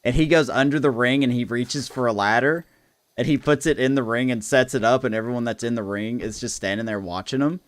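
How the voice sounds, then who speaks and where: A man hosting a livestream, chatting casually and telling a story in an animated way with lots of laughs. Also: mid-range voice, fairly quick, dry recording. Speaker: livestream host. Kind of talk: casual chat on a gaming stream.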